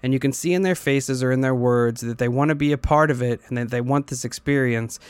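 A man hosting a podcast, reading online posts aloud in an even voice and chatting casually between them. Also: mid-range voice, clear, resonant tone, no room sound.

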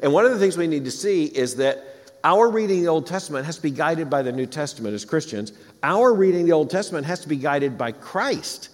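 A man's voice: on the high side, expressive, fairly quick. A man preaching an expository sermon, reading scripture aloud and breaking off for emphatic, wry asides. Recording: long hall reverb.

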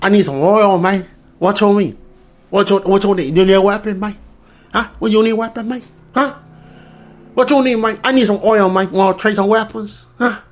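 A man doing a deep, stammering, desperate old president begging. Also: normal speed, gravelly, few pauses, breathy edge. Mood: pleading. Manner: mumbling, stammering, pleading.

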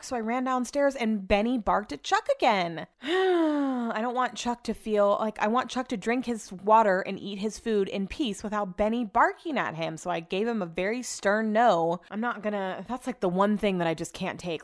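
A young woman hosting a casual chat podcast, gossipy and chatty, swearing freely. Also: medium pitch. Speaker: podcast host.

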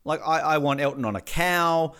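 An Australian man co-hosting a podcast, recapping a reality show in casual, excitable chat full of swearing and acted-out quotes. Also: on the high side, moderate pace, clean tone. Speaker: podcast co-host.

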